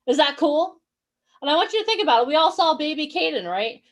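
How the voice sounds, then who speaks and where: Woman, high voice, motivational coach, energetic, encouraging, asks the audience questions, video call. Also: brisk. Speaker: acting and modeling coach. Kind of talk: motivational workshop talk.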